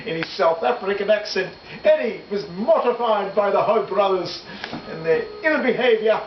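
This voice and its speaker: A middle-aged man reminisces as an interview guest, rambling and restarting his sentences in a slightly raised voice. He sounds far from the mic in an echoey room, and the recording is dull. A loud wash of noise sits behind him. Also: sits high, expressive, normal speed, few pauses. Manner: rambling, self-correcting, laughs easily.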